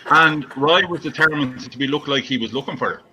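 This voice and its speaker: A man's voice: fairly high pitch, brisk, crowd noise, poor audio. A man with an Irish accent, a musician guest, telling a teasing, good-humoured story in casual chat.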